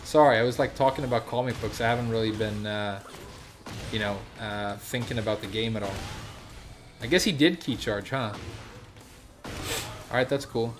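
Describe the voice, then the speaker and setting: A man's voice: medium pitch, moderate pace, pauses often, faint music behind. A young man streaming a game, chatting loosely with lots of fillers and casual swearing. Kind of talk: casual chat while gaming.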